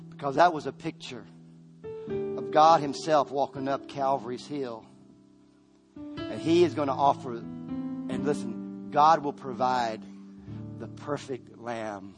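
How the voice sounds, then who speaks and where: A man preaching in a church, climbing to shouted peaks and then dropping low and hushed. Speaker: pastor. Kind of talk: sermon. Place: church sanctuary. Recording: music behind the voice.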